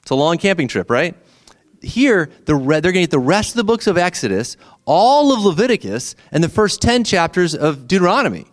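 A middle-aged man preaches a sermon in a relaxed, conversational way. His voice sits a little high for a man, and he keeps asking his listeners questions as he talks them through the story. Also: brisk. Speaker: pastor.

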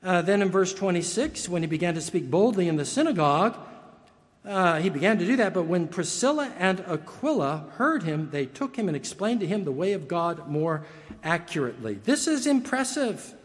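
A man's voice: high voice, big pitch swings, moderate pace. A man preaching a sermon as pastor, earnest and emphatic, often repeating words as he restarts. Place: church sanctuary. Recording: long reverb of a large hall.

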